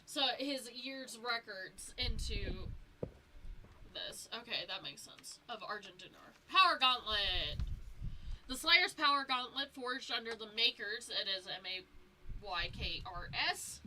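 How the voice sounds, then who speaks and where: A young woman streaming a game, talking casually with her chat and reading item lore aloud, tripping over hard words. Her voice is very bright and a touch high. A faint hiss of noise sits under the recording. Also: animated, takes it slowly, poor audio. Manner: chatty, stumbles over words while reading.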